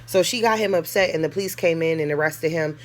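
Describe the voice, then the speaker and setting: A woman's voice: deep voice, quick pace. A woman telling her own story in a casual storytime monologue, candid and blunt, with lots of slang and swearing, laughing now and then and acting out what others said. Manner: laughs through the telling and acts out other people's lines. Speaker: storyteller vlogger.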